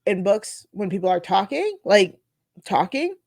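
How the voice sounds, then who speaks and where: A woman's voice: medium pitch, sing-song, unhurried, a little mellow, dry recording, clean studio sound. A woman co-hosting a casual podcast film review, rambling through her thoughts and laughing often. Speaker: podcast co-host.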